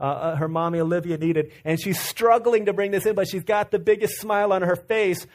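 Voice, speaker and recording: A male pastor with a voice pitched a little high for a man, preaching in a casual storytelling style. He tends to repeat and restart words as he talks, and he gets fervent as he drives his points home. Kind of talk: sermon with personal storytelling.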